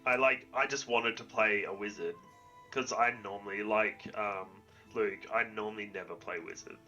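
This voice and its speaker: A man's voice: lowish voice, fairly even intonation, moderate pace, bright, forceful tone, muffled recording, faint music behind. A man chatting casually as a player, rambling with lots of fillers. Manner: eager, rambling with fillers like 'like'. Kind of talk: casual chat.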